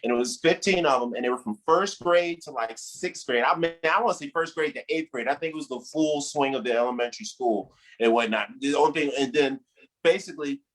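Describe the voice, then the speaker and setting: A man emceeing a comedy show in a loose, animated way, hyping up the crowd between acts. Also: mid-range voice, a little fast, rough recording.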